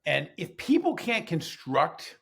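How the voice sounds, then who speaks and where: A man's voice: a little high, takes it slowly, creaky, husky. A man who trains teachers, a guest on a podcast, telling stories in conversation and acting out the dialogue. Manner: animated, acts out dialogue in changing voices. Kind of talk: conversational storytelling.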